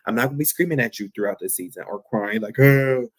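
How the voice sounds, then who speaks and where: A man's voice: lowish voice, fast talker, slightly rough, dry recording. Candid, playful young man hosting a podcast. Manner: animated, candid and affirming, playful asides. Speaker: podcast host. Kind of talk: reflective solo talk.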